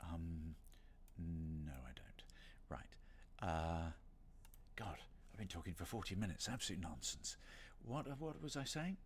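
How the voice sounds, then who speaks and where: A man's voice: low voice, lively intonation, a little slow, slight background noise. A middle-aged man from Britain chatting casually on a livestream signing session, rambling and self-deprecating with playful asides. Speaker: voice actor hosting a signing stream.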